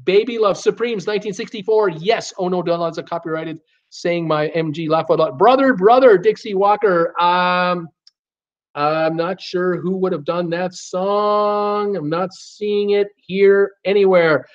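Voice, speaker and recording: A man runs a live trivia game, reading out viewer guesses in a halting way with many fillers. He sometimes half-sings a song title. The stream audio is dull and lo-fi. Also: high voice. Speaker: live trivia show host.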